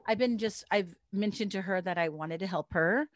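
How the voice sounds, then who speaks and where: A woman from Oregon co-hosting a casual podcast chat, soft-spoken and rambling. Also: mid-range voice, normal speed. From Oregon, USA. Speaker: podcast co-host.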